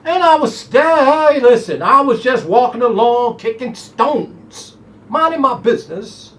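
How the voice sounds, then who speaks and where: A man's voice: very high voice, expressive, unhurried. A man hosting a horse racing preview show from a studio, fired up and folksy, telling himself to simmer down. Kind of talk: excitable folksy race preview monologue. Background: soft jazz music.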